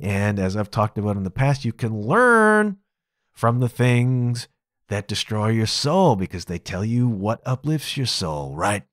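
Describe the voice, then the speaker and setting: A man of middle pitch talks through his thoughts in a relaxed, reflective podcast monologue, chuckling now and then. The recording is close and dry, with hardly any room sound. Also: a little slow, no echo. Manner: conversational, musing, laughs often. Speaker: podcast host.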